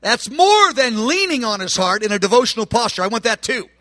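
Male preacher, high voice, bright tone, impassioned sermon, dry close sound. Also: sing-song, a little fast, no echo. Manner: impassioned, acts out quoted voices, swings from hushed to shouting.

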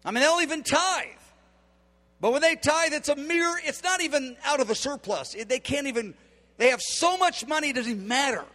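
A man's voice: extremely high pitch, animated, fairly quick, sharp tone. A man in his fifties preaching a sermon, emphatic and acting out the dialogue he quotes. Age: 50s. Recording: long hall reverb.

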